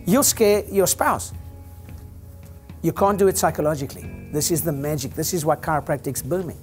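A man's voice: fairly high pitch, animated, brisk, darkish tone, faint music behind. An older man, a chiropractor, giving an informal talk to an audience in a rambling, joking, preacher-like way.

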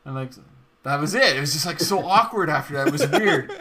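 A man's voice: on the high side, animated, fairly quick, over a noisy crowd. A man telling a casual story on a podcast, laughing as he goes. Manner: amused, laughing while telling an anecdote. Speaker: podcast guest.

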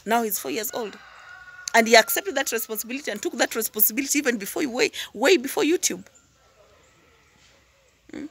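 A woman's voice: fairly high pitch, a little fast, vocal fry, pauses often, slightly rough. A woman giving impassioned commentary as a YouTube reactor, firing rhetorical questions and prodding with "hmm?" and "huh?". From Tanzania. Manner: repeats words when worked up, then drops into calmer asides.

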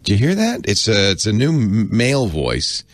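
A man's voice: fairly low pitch, huge pitch swings, normal speed, no room sound. A middle-aged man, co-hosting a podcast in a chatty, self-correcting way with laughing asides. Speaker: podcast co-host. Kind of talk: casual explaining chat.

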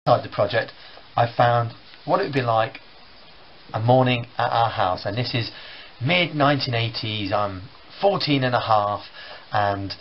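A man's voice: mid-range voice, distant mic, muffled recording, slight background noise. A man, telling family stories to a live audience in a chatty, joking way. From Coventry, England. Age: 40s. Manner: chatty and joking, lively delivery. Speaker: storyteller.

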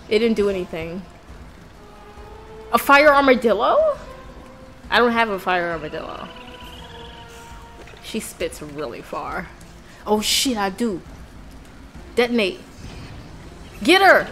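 A woman giving excitable let's play commentary as host of a gaming channel, with loud outbursts and swearing. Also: medium pitch, slow pace, long pauses, faint music behind.

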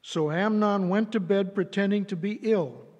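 High-voiced man reading scripture. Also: moderate pace, a little mellow, dull audio. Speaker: scripture reader. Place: church sanctuary. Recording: long church reverb.

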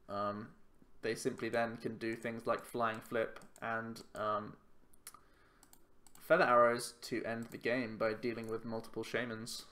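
A man's voice: medium pitch, a bit bright. A man giving casual commentary while playing a card game, thinking aloud in a chatty, self-mocking way. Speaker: YouTube card game player.

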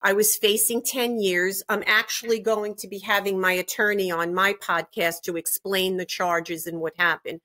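A woman's voice: mid-range voice, fairly even intonation, normal speed, hardly any pauses, pushed and bright. Indignant older woman, emphatic interview guest. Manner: emphatic, indignant, repeats herself.

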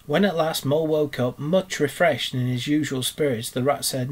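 A man reading a children's book aloud for a school in a steady, measured narration. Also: on the high side. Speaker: school storyteller.

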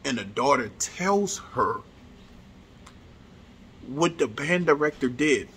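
A man talks straight to his viewers in a casual, heartfelt way, circling back and repeating himself as he tells a story. His voice sits at an ordinary middle pitch. A faint ambient hum runs under the recording. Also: lively intonation, a little slow, pauses often, fairly bright tone. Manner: earnest, repetitive, heartfelt storytelling with restarts. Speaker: vlogger.

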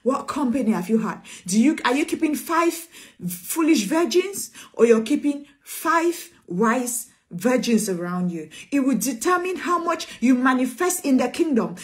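A woman preacher, preaching an emphatic sermon, repeating phrases and calling listeners sweetheart. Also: high-pitched.

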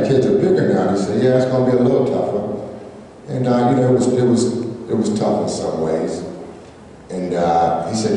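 Deep-voiced man in an echoey hall. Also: mellow, slight background noise. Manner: halting, many fillers and restarts, joking. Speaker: hall of fame inductee. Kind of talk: emotional acceptance speech. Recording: echoey hall, distant mic, faint ambience.

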